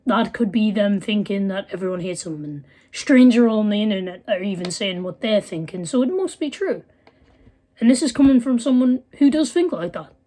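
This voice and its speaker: A woman's voice: medium pitch, animated, moderate pace, warm tone. A woman in her late teens, ranting heatedly to camera as a vlogger, blunt and swearing often. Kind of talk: angry profane rant.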